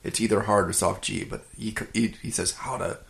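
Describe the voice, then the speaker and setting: A man co-hosting a podcast about home cheesemaking, talking in a relaxed, halting way with many restarts and easy laughs. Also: fairly low pitch, gravelly. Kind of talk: casual chat.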